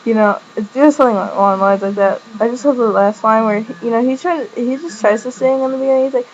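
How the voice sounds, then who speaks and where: A woman's voice: fast, few pauses, darkish tone. A woman giving a casual fan recap of a TV episode, chatty and rambling, stringing events together with "and then she's like". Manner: acts out quoted lines with jumps in pitch. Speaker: fan reviewer. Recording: muffled lo-fi home recording with faint hiss.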